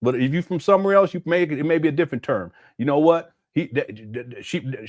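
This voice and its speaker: A man's voice: fairly high pitch, fast talker, few pauses, darkish tone, no echo, studio quality. A middle-aged man from Southern California commenting on a video clip in a casual, incredulous, mocking way. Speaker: commentary channel host.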